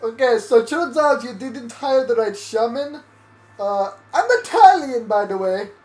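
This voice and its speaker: A man voicing a bumbling male shaman with a hammy, exaggerated fake Italian accent, pitched up and drawn out. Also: unhurried, darkish tone, roomy sound.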